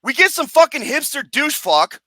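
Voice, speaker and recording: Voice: high-pitched, moderate pace, no echo. A movie review host ranting profanely and sarcastically about a film, laughing often as they talk. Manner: animated, laughing, swearing, sarcastic. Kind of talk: profane comedic rant.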